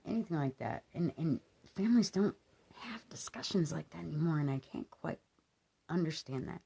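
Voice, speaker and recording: A woman's voice: low voice, vocal fry, dark tone, slightly rough. A woman in her thirties talking to camera in an earnest, rambling way, with lots of fillers. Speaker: vlogger. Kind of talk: casual monologue to camera.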